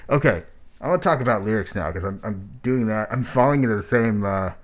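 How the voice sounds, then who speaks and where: A man's voice: on the low side, animated, fairly quick. A man hosting track reviews in casual spoken critique, talking in a blunt, rambling, profane way, his voice muffled by a mask. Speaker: host reviewing rap tracks.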